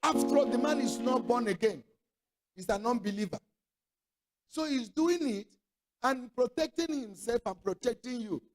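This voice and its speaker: High-voiced male preacher. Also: expressive, moderate pace, soft background music. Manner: storytelling preacher who acts out quoted dialogue; rhetorical questions to the congregation. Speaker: pastor. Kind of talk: sermon.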